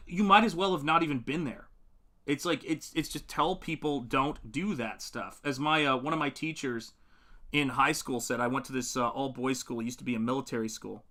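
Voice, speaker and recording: A middle-aged man with a medium-pitched, bright, forceful voice chats casually on his live painting stream. He meanders in a friendly way, answering comments from viewers and laughing frequently while painting.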